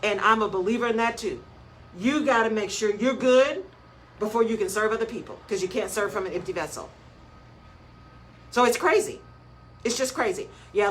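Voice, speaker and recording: A woman's voice: mid-range voice, a little hiss or hum, low-quality recording. A woman hosting a live motivational radio talk show, speaking emphatically and repeating key phrases in a preaching rhythm, greeting listeners by name as she goes.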